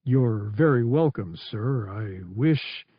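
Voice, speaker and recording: A man's voice: medium pitch, animated, normal speed, slightly rough, no room sound, dull audio. A man voicing an earnest, weary male squadron commander who speaks soberly, in an audiobook. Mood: regretful.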